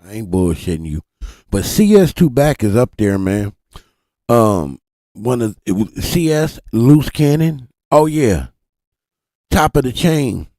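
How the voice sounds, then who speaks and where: A man's voice: mid-range voice, unhurried, no room sound, studio quality. A man hosting a live stream, talking animatedly to his chat in a casual, profane way. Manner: animated, swears freely, addresses chat directly. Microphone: desk mic.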